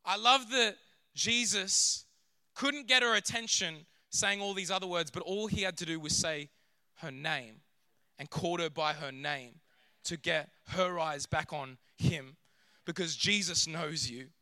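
Male preacher, high bright voice, smooth, animated storytelling delivery, dry sound. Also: unhurried, dry recording. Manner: animated, acts out scenes in character voices. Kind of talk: sermon.

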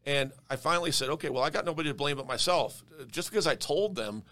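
A man being interviewed on a podcast talks through how he runs his business. His voice is bright and forceful, and the recording is dry and close. He speaks emphatically and repeats words as he gets going. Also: on the high side, lively intonation, quick pace, no echo. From Denver area. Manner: emphatic, repeats words when starting a thought. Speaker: real estate investor guest.

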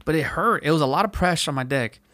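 A man's voice: on the high side, animated, fast, bright, forceful tone, no echo. Man, podcast host, rambling profane story, slangy, dry close sound. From United States. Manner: profane, slangy, dramatizes quotes with put-on voices. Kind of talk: casual storytelling monologue.

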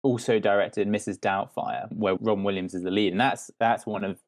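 Low-voiced man, relaxed podcast co-host. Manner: relaxed, measured, hedging with "I mean". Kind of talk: casual film review chat.

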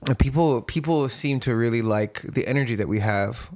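A woman's voice: rumbling low, normal speed, a little mellow. A young woman co-hosting a podcast, bantering casually and swearing as she exaggerates jokes. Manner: jokey, profane, exaggerating for laughs. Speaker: podcast co-host.

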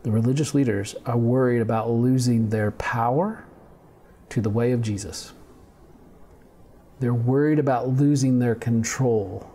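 A man's voice: mid-range voice, measured pace, warm tone, husky. A male pastor giving a conversational sermon on video, reading scripture and adding humorous asides.

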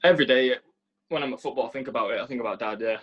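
A man's voice: medium pitch, very fast, slightly rough, dull audio. Young Englishman, earnest, stumbling restarts. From England. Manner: earnest, repeats and restarts words often. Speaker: professional footballer, interview guest. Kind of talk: casual interview answers.

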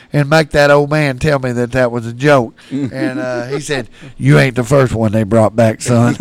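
A middle-aged man, telling profane, animated stories on a casual podcast and getting loud when quoting people. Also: fairly high pitch, vocal fry, dry recording. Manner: profane, animated, swings loud for quoted lines. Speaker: storyteller guest.

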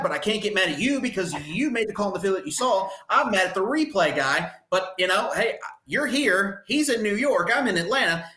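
A man co-hosts a casual sports podcast and rants with real exasperation, tripping over his own restarts. His voice is fairly high and bright. An echoey room rings around him. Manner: heated, exasperated ranting with many restarts.

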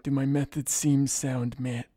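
A man doing an impression of a menacing older army colonel, talking slowly and mumbling, repeating the listener's name. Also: medium pitch, flat delivery, mellow, no echo, clean studio sound, close to an everyday voice. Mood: brooding deadpan. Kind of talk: comedic impression on a podcast.

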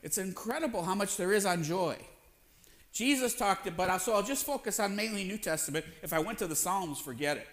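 A man with a high-pitched voice preaches in a church. He speaks conversationally, throwing questions to the congregation and acting out short voices in quotes. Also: expressive, brisk, fairly bright tone. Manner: acts out voices in quotes, playful asides. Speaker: pastor. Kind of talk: sermon.

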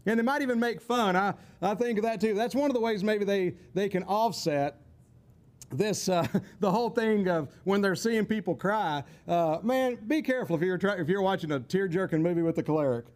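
High-voiced folksy male teacher. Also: a little fast, darkish tone. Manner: folksy, rambling, with chuckling asides. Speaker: teacher on temperaments. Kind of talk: casual teaching talk.

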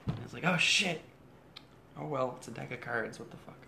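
A man's voice: medium pitch, fairly even intonation, rapid-fire, creaky, noisy background. A man in casual chat who talks loosely, swears freely and slips into mock voices when he retells things.

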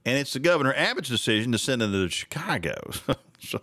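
A man's voice: mid-range voice, very animated, brisk, sharp tone, no echo. A man hosting a casual political commentary podcast, sarcastic and rambling, laughing often. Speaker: podcast host.

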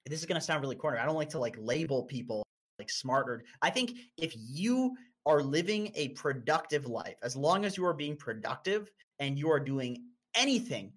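A man in his twenties from North America, chatting casually as a podcast co-host and telling stories with lots of swearing and sudden high-pitched bursts. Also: normal speed, slightly rough. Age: 20s. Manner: animated, profane storyteller with sudden high-pitched outbursts. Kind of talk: casual chat.

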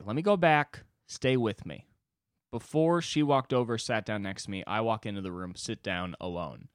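A man's voice: on the low side, a bit bright, dry recording, studio quality. A man hosting a solo podcast, telling a sarcastic, profane story with big swings in his voice. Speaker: podcast host. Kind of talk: solo comedic monologue.

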